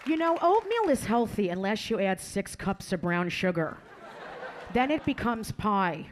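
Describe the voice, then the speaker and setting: A woman's voice: mid-range voice, very animated, measured pace, noisy background. A woman comedian doing a stand-up set on a comedy club stage, brash and crude as she teases the crowd into a handheld mic.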